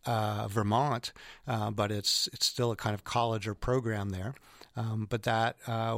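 A man's voice: fairly low pitch, fairly bright tone, dry recording, studio quality. A man giving an informal lecture on poetry, hesitant with many ums and restarts. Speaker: literature lecturer.

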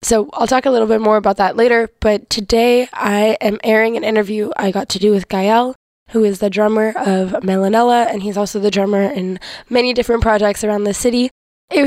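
A young woman hosting a radio show in a casual, chatty way, her voice hoarse and worn. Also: mid-range voice, a little mellow, no echo. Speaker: radio host.

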